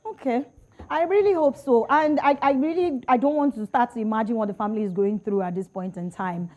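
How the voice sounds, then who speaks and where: A Nigerian woman hosting a lively panel chat, teasing her guests and reading out quotes. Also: on the high side, a little fast, muffled recording. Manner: animated, teasing, reads out tweets. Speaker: talk show host.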